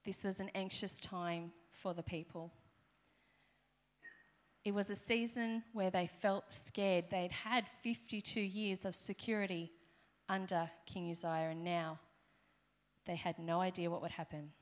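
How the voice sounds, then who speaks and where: A woman's voice: lowish voice, steady tone, measured pace. A middle-aged woman with an Australian accent preaching a conversational sermon in a church, with playful asides to the congregation. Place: church hall.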